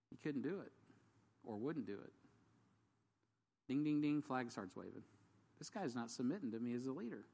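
A man's voice: mid-range voice, animated, moderate pace, vocal fry, long pauses, warm tone, husky. Rambling male storyteller in a reverberant hall. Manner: rambling, acts out dialogue in varied voices. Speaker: ministry worker. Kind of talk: casual testimony storytelling.

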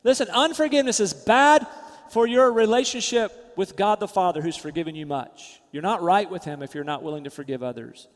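High-voiced preacher in a reverberant hall. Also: male voice, brisk. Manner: emphatic preacher, swings from loud to soft and quiet. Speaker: pastor. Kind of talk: sermon.

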